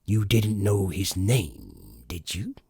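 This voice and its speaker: A man reading an audiobook, voicing a cunning one-legged sea cook in slow, emphatic, gruff pirate talk. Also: low-pitched, big pitch swings, warm tone, no echo, clean studio sound, exaggerated voice. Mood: gruff, commanding.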